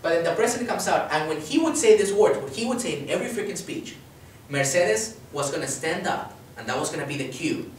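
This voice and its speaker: A man with a fairly high voice tells an animated story to an audience, acting out quotes and checking in with "right?". He stands well back from the mic in a very echoey hall, with a faint hiss behind him. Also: brisk, few pauses, distant mic. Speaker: activist speaker. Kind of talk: public talk to an audience. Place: lecture hall.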